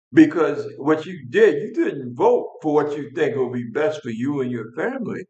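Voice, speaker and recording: An older man from New York vents straight to camera in a blunt, angry, casual rant. He restarts and repeats himself as he talks. His voice sits a little high, and the sound is dull and lo-fi. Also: reverberant. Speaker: vlog host.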